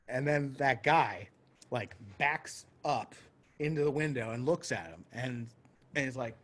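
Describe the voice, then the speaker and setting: Husky-voiced male podcast co-host, mid-pitch, loose animated storyteller who acts out quotes. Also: unhurried. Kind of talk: casual storytelling chat.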